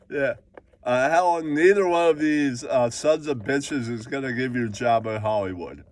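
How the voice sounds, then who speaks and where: A man's voice: mid-range voice, measured pace, far from the mic, a little hiss or hum, close to an everyday voice. A man voicing a brash, boastful character who dreams of Hollywood and keeps repeating catchphrases. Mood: mocking. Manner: cocky catchphrase-repeating swagger.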